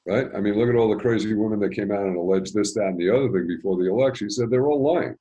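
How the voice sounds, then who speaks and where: A man's voice: on the low side, very fast, mellow, lo-fi sound. A man co-hosting a casual political discussion, talking emphatically and dismissively, piling up points. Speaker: co-host.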